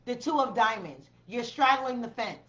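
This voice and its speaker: A woman's voice: on the high side, lively intonation, normal speed, fairly bright tone, muffled recording. A woman giving a blunt, profane tarot reading, repeating her commands with emphasis. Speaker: tarot reader.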